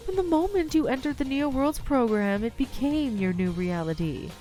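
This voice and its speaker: A woman reading the lines of a calm, persuasive mastermind villain aloud from a game, in a soothing, coaxing way. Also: sits high, moderate pace, faint music behind, voice pushed up.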